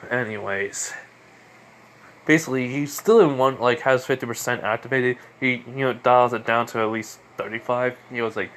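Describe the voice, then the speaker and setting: A man's voice: medium pitch, normal speed, fairly bright tone, slight background noise. A man casually retelling a fan story at home, rambling with constant fillers and restarts.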